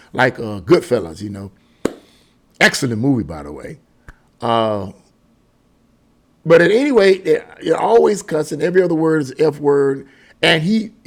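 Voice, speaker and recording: Gravelly-voiced man chatting through commentary. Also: a little high. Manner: rambling and chatty, chuckling often. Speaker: political commentary vlogger. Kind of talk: casual opinion commentary.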